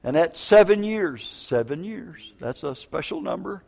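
An older man preaching a sermon as a prison minister, telling stories in an animated, jokey way with stammered restarts. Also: high voice, a little slow, gravelly. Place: church. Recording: reverberant church hall.

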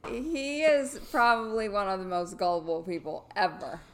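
A woman co-hosting a podcast in casual chat, adding quick teasing interjections. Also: mid-range voice, fairly even intonation. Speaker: podcast co-host.

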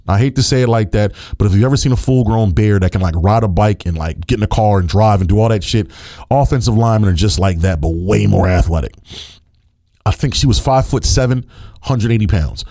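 A man's voice: warm tone, no room sound, studio quality. A young man hosting a podcast, giving blunt, profane opinions in a casual monologue that heats up into rants. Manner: blunt, profane, heated rants with rising pitch. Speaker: podcast host.

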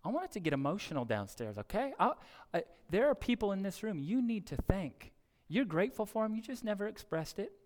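A male pastor preaching a sermon in a church service, earnest and exhorting, building to excited emphasis. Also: sits high, brisk, long reverb tail. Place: church sanctuary during a service.

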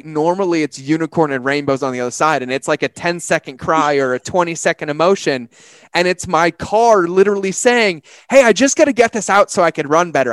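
A man's voice: mid-range voice, clear, resonant tone, dry recording. Man telling stories animatedly, dry close sound. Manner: animated storyteller, acts out quotes. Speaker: podcast co-host in recovery. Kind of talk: casual conversation.

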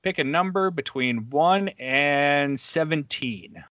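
A man hosting a podcast in casual chat, speaking hesitantly with many pauses and restarts. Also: fairly high pitch, expressive, a bit bright, dry recording, highs cut off. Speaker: podcast host.

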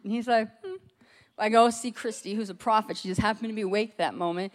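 A middle-aged woman tells her own story to a gathered group with lively energy. She acts out the voices of the people in it, quick to laugh, her voice at a middle pitch. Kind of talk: animated personal testimony.

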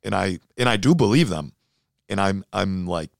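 A man co-hosting a casual fitness chat, blunt and animated, who gets fired up while he talks. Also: sits low, normal speed, gravelly, dry recording, clean studio sound.

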